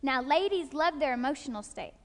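A woman teaching a group in a live session. She talks in an animated way, acts out short quoted voices and keeps checking that her listeners follow. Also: high-pitched, brisk. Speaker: workshop teacher. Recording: long hall reverb.

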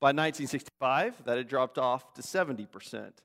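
A man's voice: medium pitch, animated, fairly quick, a bit bright. A man pastor delivering a sermon with prayer and scripture reading, earnest, with fillers and restarts. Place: church sanctuary. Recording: long church reverb.

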